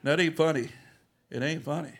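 A male pastor preaching a sermon, telling a story and acting out the dialogue, swinging from hushed lines to loud ones. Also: fairly high pitch, moderate pace, creaky.

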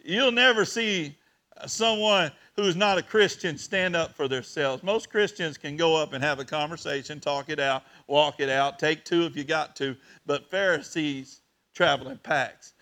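A man preaching to his congregation, his voice climbing to loud and then sinking to a near whisper. His tone is bright and a little high for a man. He tells the story with open emotion. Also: moderate pace. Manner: emotional, swings between loud and hushed. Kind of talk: sermon.

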